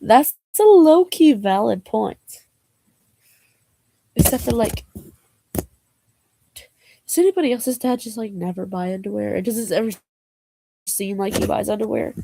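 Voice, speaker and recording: A woman's voice: mid-range voice, measured pace, creaky, long pauses, warm tone, slight background noise. A young woman vlogger reading jokes aloud in a casual way, laughing and groaning at them and adding slangy asides.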